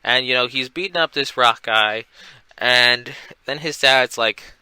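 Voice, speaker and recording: Bright, casual young man recapping a comic. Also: mid-range voice, normal speed, clean tone, no room sound, low-quality recording. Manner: retells scenes with loose quoted dialogue, many fillers. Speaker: comic book reviewer.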